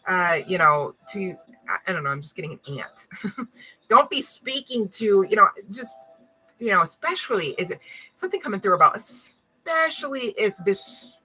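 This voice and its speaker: A woman's voice: lowish voice, sing-song, moderate pace, sharp tone, slightly rough, soft background music, rough recording. A woman giving a spiritual card reading to her audience in a casual, blunt, slangy way, swearing and laughing often.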